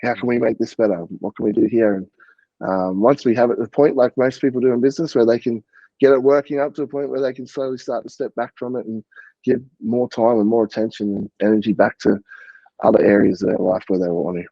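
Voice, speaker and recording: A man, a guest on a podcast, explaining things in a thoughtful and steady way. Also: mid-range voice, fast, gravelly, no room sound, dull audio. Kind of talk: casual podcast chat.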